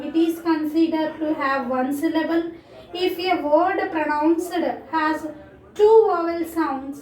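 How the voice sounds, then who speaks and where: A woman's voice: extremely high pitch, darkish tone, reverberant, distant mic, rough recording. A woman teaching a class of children, speaking English with an Indian accent, repeating words and calling the class "children" again and again. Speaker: school teacher. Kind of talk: online English lesson.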